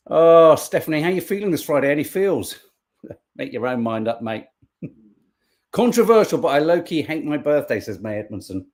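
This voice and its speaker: A man's voice: fairly high pitch, normal speed. A male podcast co-host in casual chat, reading out viewer comments with jokes and free swearing. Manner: jokey, animated, swears freely.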